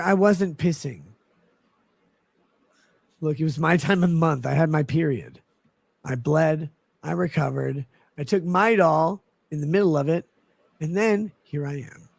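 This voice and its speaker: A man with a high-pitched, gravelly voice talks on his livestream while drunk. He rambles and slurs, then bursts out swearing in exasperation. The sound is close and dry, with no room around it. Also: measured pace, long pauses, no echo. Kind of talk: rambling drunk stream talk.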